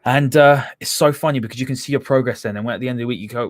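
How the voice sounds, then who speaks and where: A man's voice: mid-range voice, fast talker, few pauses, no room sound, studio quality. A man speaking as a podcast guest in a frank, earnest way. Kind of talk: candid conversation.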